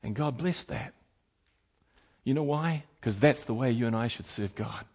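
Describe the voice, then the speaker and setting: A man preaching a sermon, animated and emphatic, moving between quiet asides and loud, lively passages. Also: medium pitch, moderate pace, vocal fry, breathy edge. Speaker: pastor.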